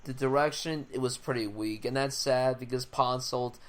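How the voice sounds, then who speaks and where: A young man chats through film reviews on a podcast, blunt and casual and quick to swear. He stops and restarts his sentences as he works through his thoughts. His pitch sits in an ordinary middle range for a man. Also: fairly even intonation, a bit bright. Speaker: podcast co-host. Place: home, audio only.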